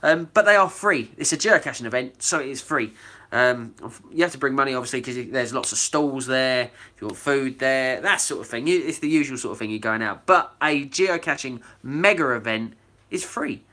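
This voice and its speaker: A man's voice: medium pitch, lively intonation, moderate pace, bright, forceful tone. A man hosting a casual live video hangout, chatting loosely with lots of fillers and reading out viewer comments. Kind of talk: casual live-stream chat.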